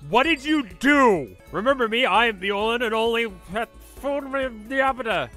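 A man's voice: very high voice, normal speed, sharp tone, faint music behind, pitched above the performer's own voice. A man putting on the voice of a brash young man who shows off about himself, exaggerated and showy. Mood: boastful.

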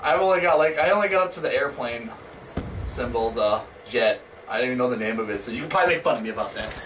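Brief: male gaming host, lively, swears, shouts; distant mic, noisy room. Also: medium pitch, fast talker. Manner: excitable, swears, yells at opponents. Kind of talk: live gameplay commentary.

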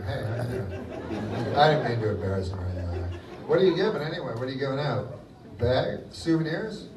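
An older man doing a live stand-up set, deadpan and rambling with lots of profanity. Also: medium pitch, fast. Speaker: stand-up comedian. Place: live comedy venue with audience. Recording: echoey room from far off with loud crowd noise.

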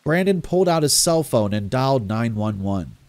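Man narrating a horror story, mid-pitched, measured and grave. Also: sing-song, a little mellow. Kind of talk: first-person horror story reading.

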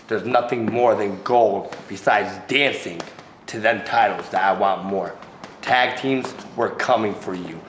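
A man's voice: on the low side, background noise. A man cutting a boastful, regal wrestling promo. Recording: echoey room.

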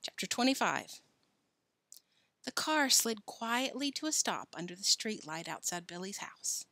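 A woman reading a children's novel aloud in an animated, expressive way. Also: medium pitch, a little slow, vocal fry, dry recording. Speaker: reader.

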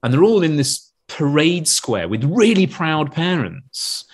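A man's voice: on the high side, big pitch swings, unhurried, slightly rough. A man with an English accent, a podcast guest telling rambling anecdotes with many restarts and asides. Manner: rambling storyteller with frequent self-corrections and laughs.

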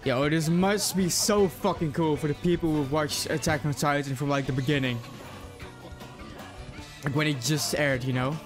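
Excitable young man reacting over music. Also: fairly high pitch, moderate pace. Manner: excited, swears freely, hushed when moved. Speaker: anime reaction youtuber. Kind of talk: casual reaction commentary. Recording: faint music playing behind. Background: anime music playing.

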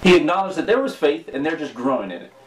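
A man's voice: a little high, very animated, fast talker, roomy sound, far from the mic, poor audio. Brief: male pastor in his thirties, home live-stream sermon, earnest and building in emphasis, slightly off-mic with faint room noise. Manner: earnest, preaching with rising emphasis.

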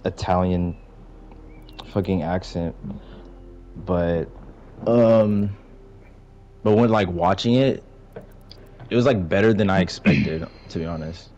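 Very deep, hesitant man on a dull line. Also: takes it slowly, pauses often, darkish tone. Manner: hesitant, filler-heavy. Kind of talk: casual movie review chat. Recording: dull lo-fi sound with faint noise.

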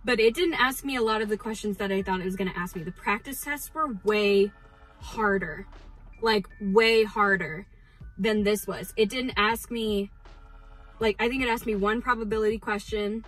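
An excitable young woman talking straight to her viewers in a casual vlog. Her voice sits at an ordinary middle pitch, and she stumbles over restarts and fillers as she rushes to tell her story. Faint music plays underneath. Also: low-quality recording. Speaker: teacher vlogger.

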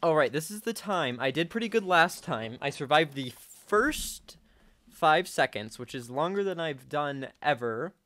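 A man giving casual gameplay commentary, talking to himself and breaking into sudden high-pitched outbursts at a desk microphone. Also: lively intonation, measured pace, fairly bright tone. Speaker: gaming channel host.

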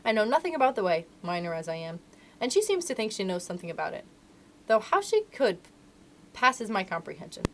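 A woman's voice: medium pitch, big pitch swings, a little fast. A woman reading aloud and voicing a brave, practical young miner boy who talks in a matter-of-fact way. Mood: puzzled.

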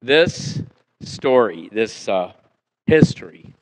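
A male pastor preaching a sermon in a church, acting out quotes and swinging between loud and soft. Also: fairly low pitch, expressive, takes it slowly, rough recording. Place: church sanctuary.

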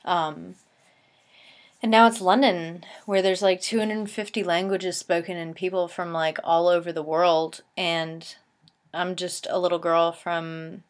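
A young woman in her twenties from the East Coast of the United States talks to her camera at home in a low, unhurried voice. She rambles casually, filling gaps with "like" and "um". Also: level tone. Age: 20s. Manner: chatty and rambling, lots of "like" and "um". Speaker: vlogger.

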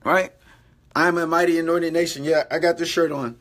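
A man's voice: fairly high pitch, steady tone, brisk, a bit bright. A man giving an informal sermon to online viewers, exhorting them, repeating phrases and calling them "guys". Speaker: preacher.

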